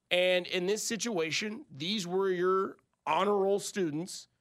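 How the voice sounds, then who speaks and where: Male sports talk co-host, higher voice, animated and argumentative, uses analogies. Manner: animated, builds arguments with analogies and acted-out quotes.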